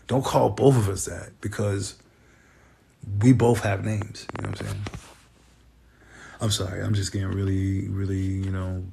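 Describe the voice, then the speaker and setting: A man hosting a podcast, talking in a halting, emotional, rambling way. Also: on the low side, level tone, gravelly, warm tone, slight background noise. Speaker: podcast host. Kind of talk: casual monologue.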